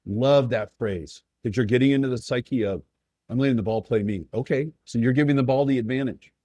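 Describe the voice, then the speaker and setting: A man's voice: medium pitch, brisk, dark tone, no echo. A man, a guest coach, giving earnest coaching advice in a podcast conversation and acting out players' and coaches' lines.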